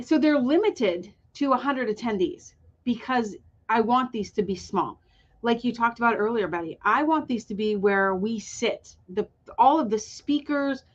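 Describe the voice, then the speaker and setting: A woman speaking with enthusiasm as a guest on a webinar. She rambles a little and fills gaps with ums. Her voice sits at a middling pitch and comes through a dull, lo-fi call line. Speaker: guest, retreat organizer. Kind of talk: webinar conversation.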